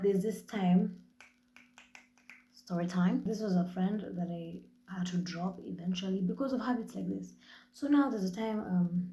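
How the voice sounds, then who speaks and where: This podcast host, a young Kenyan woman, talks straight to the mic in a casual monologue, candid and happily profane, telling her stories with lively animation. Her lowish voice sounds mellow and slightly dark, and the room echoes around her.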